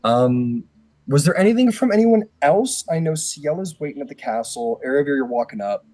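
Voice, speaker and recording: Man, game master, tabletop narration, rambling, filler-heavy, lively pitch. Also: moderate pace, no echo, low-quality recording. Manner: rambling, hedging with fillers, laughs easily.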